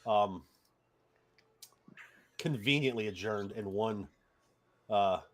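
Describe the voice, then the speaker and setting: A man narrating a tabletop game as game master, easygoing and halting with many fillers. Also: fairly low pitch.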